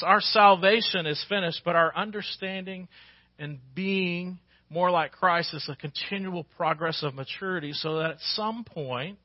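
A man's voice: on the high side, dry recording, lo-fi sound. A man preaching a sermon as pastor, folksy and conversational, rising to emphatic peaks.

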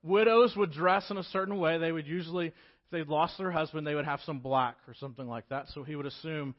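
A pastor retells a story to his congregation in an easy, conversational sermon. His voice sits a little high and he swings from loud emphasis to hushed moments. The recording is dull and lo-fi. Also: fairly quick.

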